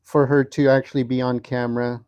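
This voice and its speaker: Soft-spoken man with halting speech. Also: mid-range voice, flat delivery. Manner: halting, many fillers and restarts. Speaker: livestream host updating viewers. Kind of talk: casual livestream update. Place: hospital room.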